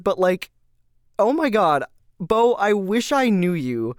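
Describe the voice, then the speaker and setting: A man hosting a casual rambling podcast, gushing and excitable, full of fillers and laughs. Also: sits high, measured pace, clean tone, dry recording, clean studio sound. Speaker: podcast host.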